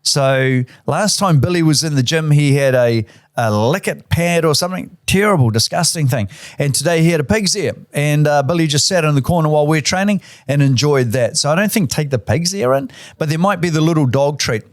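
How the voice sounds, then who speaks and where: A man's voice: fairly high pitch, expressive, fairly quick, no room sound, studio quality. A middle-aged man, a real estate boss giving tips in a chatty, enthusiastic way full of fillers. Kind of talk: casual instructional talk.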